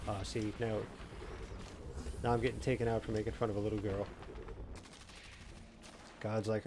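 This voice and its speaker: A man in his thirties chatting casually and rambling with jokes while he live-streams a game, now and then breaking into loud mocking shouts. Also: fairly low pitch, little pitch movement, moderate pace, pauses often, noisy background. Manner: rambling, jokey, shouts in bursts when mocking. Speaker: gaming streamer. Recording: game gunfire audible in background. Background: game gunfire and explosions.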